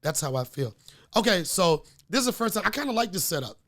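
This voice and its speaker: A man's voice: sits high, very animated, fast, fairly bright tone. A man hosting a comedy podcast, getting over a cold, talking in a loose, profane, storytelling way with lots of fillers. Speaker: podcast host. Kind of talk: casual comedic podcast chat.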